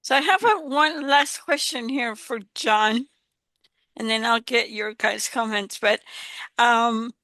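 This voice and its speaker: A woman's voice: fairly high pitch, slow, bright, forceful tone, no echo. A woman who is a business coach, hosting a webinar and asking long, rambling questions full of fillers. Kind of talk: hosting an interview.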